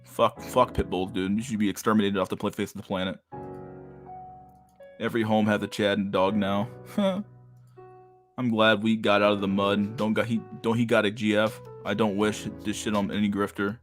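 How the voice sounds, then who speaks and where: A man's voice: fairly low pitch, little pitch movement, moderate pace, soft background music. A young man hosting a casual livestream, talking in a crude, profane way while reacting to chat. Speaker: livestream host.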